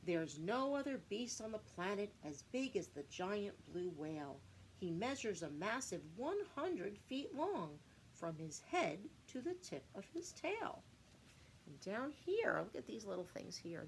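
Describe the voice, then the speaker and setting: A woman teacher reading a picture book aloud to children, with animated singsong storytelling. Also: medium pitch, a little slow, slight background noise, poor audio.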